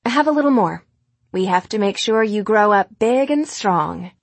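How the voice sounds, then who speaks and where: A man voicing a gentle, protective young woman who reassures a child in a soft, even voice in an audiobook. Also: sits high, measured pace, creaky, dry recording, pitched above the performer's own voice, heavily acted. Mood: soft reassurance. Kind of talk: audiobook character voice.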